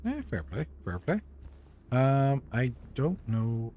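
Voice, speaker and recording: A man's voice: medium pitch, sing-song, slow, mellow, a little hiss or hum. A man with a Northern Irish Derry accent streaming a game live, thinking aloud in a chatty way and swearing casually. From Northern Ireland. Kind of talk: casual live gameplay commentary.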